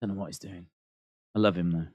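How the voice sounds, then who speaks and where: A man's voice: deep voice, steady tone, quick pace, darkish tone, no room sound. A man reacting live to a wrestling show, repeating lines and laughing at his own jokes.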